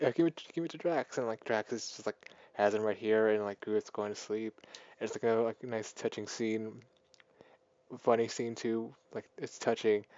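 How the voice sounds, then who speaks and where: A man's voice: lowish voice, no echo, highs cut off. A man giving a casual spoken film review, rambling through the plot with lots of fillers and restarts. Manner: rambling, filler-heavy, excited plot retelling. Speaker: movie reviewer.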